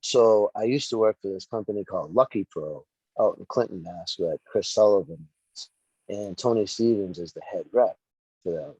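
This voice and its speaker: A middle-aged man in casual podcast chat, telling a story with lively acted-out quotes and plenty of swearing. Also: on the low side, moderate pace, breathy edge, dry recording, lo-fi sound. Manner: animated storyteller, acts out quotes, profane. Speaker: wrestling referee and podcast guest.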